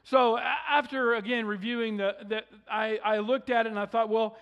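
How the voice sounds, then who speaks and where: High-voiced man preaching a folksy sermon. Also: little pitch movement, moderate pace, clear, resonant tone, lo-fi sound. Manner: folksy storytelling, earnest and conversational. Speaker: pastor.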